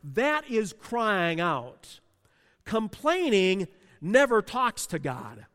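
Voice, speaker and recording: A male pastor preaching a sermon with passion, dropping to a hush and then rising to loud emphasis. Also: high voice, very animated, drawn-out words, long reverb tail. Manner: passionate, swings from hushed to loud.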